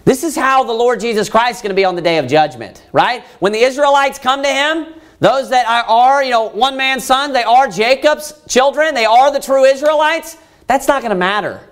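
A man delivers a sermon in a high, lively voice that swings widely in pitch. He reads scripture aloud and keeps pressing his listeners with rhetorical questions. When he quotes the brothers pleading, he raises his voice. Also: normal speed. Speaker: preacher.

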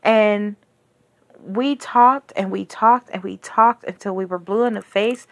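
A woman's voice: mid-range voice, fairly even intonation, a little slow, no echo. Blunt, profane young woman venting. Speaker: podcast host. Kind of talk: candid personal storytelling.

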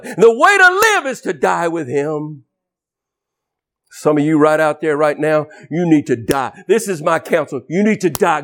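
Male preacher, twang, high voice, fiery deliverance sermon, shouts for emphasis. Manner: forceful, preaching with shouted bursts and emphatic repetition.

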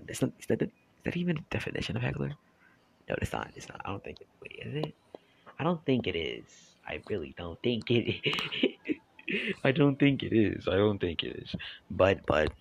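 A man talking straight to his channel's viewers in a casual monologue, rambling and halting with many restarts and trailing asides. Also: on the low side, big pitch swings, creaky, a little hiss or hum, poor audio. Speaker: YouTuber.

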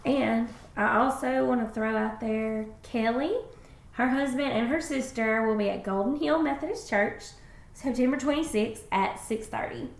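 A woman co-hosting a faith podcast, speaking with enthusiastic, heartfelt warmth. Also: on the high side, moderate pace, vocal fry, reverberant. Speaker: podcast co-host. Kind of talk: casual faith podcast chat.

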